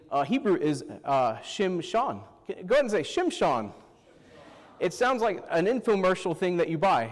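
A pastor delivers a sermon in a fairly high voice, calling out questions to the congregation and tagging lines with "Amen". His words trail off into a long hall reverb.

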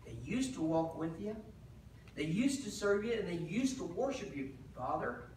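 A male pastor delivers an animated sermon, slipping into casual asides as he retells the story. His voice sits high for a man. The recording is heavily echoey, picked up from a distance in a church sanctuary. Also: moderate pace, slight background noise.

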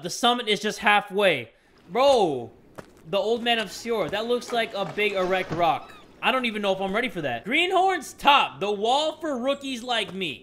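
Excitable young man gaming, high lively voice. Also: slight background noise. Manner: excitable, joking, loud outbursts and crude humor. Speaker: gaming YouTuber. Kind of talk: let's-play commentary.

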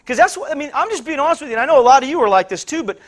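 A man with a high voice preaches to his congregation. He tells a personal story in a loose, rambling way, stumbling over repeated words and acting out the people he met. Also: sing-song, rapid-fire. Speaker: pastor. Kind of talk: sermon storytelling.

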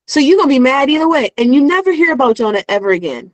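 High-pitched woman telling a lively story. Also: rapid-fire, no echo, low-quality recording. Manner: acts out voices of characters in a retold story, laughs often. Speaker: guest. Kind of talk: animated storytelling in casual chat.

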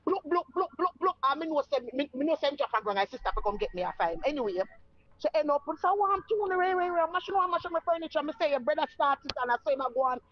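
A woman's voice: high voice, expressive, quick pace, dry recording, dull audio. A woman with a Jamaican accent tells her own story in casual talk and acts out the voices of the people in it. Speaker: guest telling her story.

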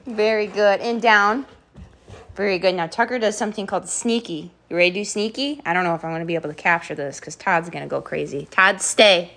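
A woman hosting a home live stream, playfully giving her dogs quick commands and thanking viewers, a bit out of breath. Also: mid-range voice, a bit bright. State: slightly out of breath. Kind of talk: live stream chat while training dogs.

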